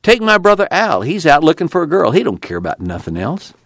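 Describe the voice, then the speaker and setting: A man's voice: a little high, fairly quick, dry recording, clean studio sound, voice pushed up, full character voice. A man doing a weary drawling farmhand. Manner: flat, blunt, tired. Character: weary plainspoken young farmhand. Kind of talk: audiobook character voice.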